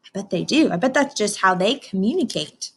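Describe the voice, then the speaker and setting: A woman's voice: mid-range voice, expressive, fairly quick, slightly rough. A woman teacher reading a picture book aloud to children, asking them questions and imitating animal sounds. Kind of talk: children's read-aloud lesson.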